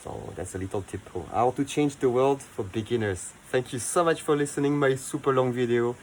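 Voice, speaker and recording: A man with a French accent, hosting a casual how-to video, chatty and enthusiastic, with soft asides now and then. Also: medium pitch, a little fast, slight background noise, low-quality recording. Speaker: eco-cleaning video host.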